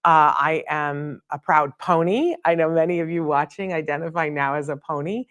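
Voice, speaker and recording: A middle-aged woman hosting a live studio show, chatty and effusive, with fillers and quick laughs. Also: sits low, fairly bright tone, dry recording. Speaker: host. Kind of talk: live show opening monologue.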